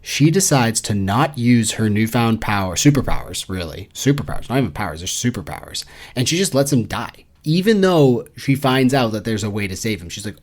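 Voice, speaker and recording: A man's voice: lowish voice, expressive, moderate pace. Sarcastic man in casual book chat. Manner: sarcastic, acts out characters in mocking quoted voices. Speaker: podcast co-host.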